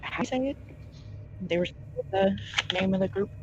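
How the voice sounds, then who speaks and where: A man playing in a tabletop game, speaking quietly and hesitantly. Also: sits high, normal speed, lo-fi sound, background noise. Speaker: player. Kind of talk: casual tabletop play.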